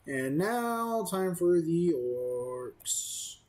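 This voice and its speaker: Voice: medium pitch, big pitch swings, extremely slow, darkish tone, poor audio. A gaming video creator giving casual let's-play commentary, rambling and self-amused, with many fillers.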